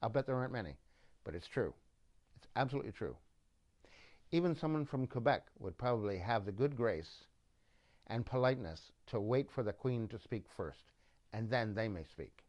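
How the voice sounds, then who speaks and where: A man's voice: mid-range voice, lively intonation, moderate pace, darkish tone. A man from Canada giving a rambling, sardonic monologue full of digressions. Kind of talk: casual monologue commentary.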